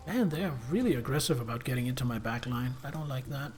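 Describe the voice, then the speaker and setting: A man streaming a game live, chatting through his turns and breaking into excited outbursts. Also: mid-range voice, fast, over music. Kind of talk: live gameplay commentary.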